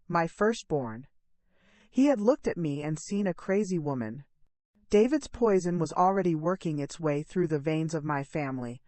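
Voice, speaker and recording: A middle-aged woman reading a dramatic first-person story in a measured, earnest, emotional way. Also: deep voice, a little mellow, dry recording.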